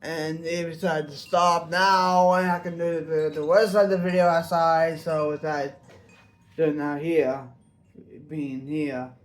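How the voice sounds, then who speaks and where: Slow, high-voiced earnest man. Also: little pitch movement. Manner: halting, searching for words, earnest. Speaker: vlogger. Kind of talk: personal reflective vlog.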